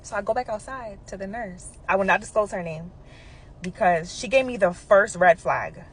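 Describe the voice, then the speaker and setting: A woman's voice: medium pitch, expressive, moderate pace, slight background noise. A woman in her thirties, a nurse, telling a personal story casually to camera with frequent asides and check-ins with her audience.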